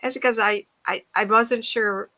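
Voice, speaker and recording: A woman psychic with a bright, forward voice talks to an online audience in a loose, anecdotal way. She laughs easily and speaks through earbuds from her home. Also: a little high, fairly even intonation, normal speed, vocal fry. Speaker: psychic medium guest speaker. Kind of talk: casual talk to an online audience. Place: home, mid-move.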